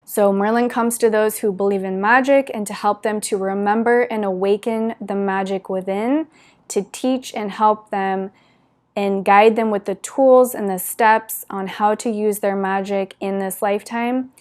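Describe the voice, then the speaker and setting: A woman's voice: medium pitch, fairly even intonation, a little slow. Earnest woman telling a spiritual story. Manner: earnest, gushing storytelling with many "like" fillers. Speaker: spiritual teacher. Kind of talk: spiritual talk to viewers.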